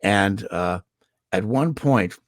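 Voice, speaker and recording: An older man from Indiana, a guest voice actor telling animated stories about his life on a video call. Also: on the low side, takes it slowly, dry recording, studio quality. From Indiana, USA. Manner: animated storyteller, slips into character voices for quotes. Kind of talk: anecdotal storytelling.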